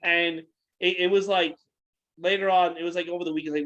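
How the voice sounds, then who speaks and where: A man's voice: sits high, steady tone, a little fast, a bit bright. A man co-hosting a casual podcast, ranting angrily and profanely, firing repeated questions. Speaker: podcast co-host.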